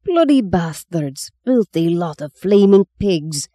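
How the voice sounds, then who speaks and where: Brief: reader doing an explosive, swearing farm father, storybook reading, gruff timbre, dry sound. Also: medium pitch, sing-song, slow, warm tone, dry recording. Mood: furious. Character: hot-tempered father of a large farm family.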